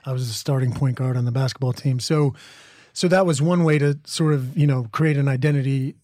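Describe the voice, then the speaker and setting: A middle-aged man from the Midwest, an actor guest chatting casually in an interview, telling stories in a relaxed, rambling way with many restarts. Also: medium pitch, a little fast, dry recording. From American Midwest.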